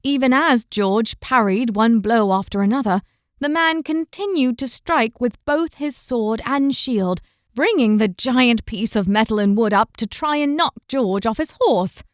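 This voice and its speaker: A woman narrating a fantasy audiobook in an even, measured storytelling voice, close to the mic. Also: on the high side, no echo.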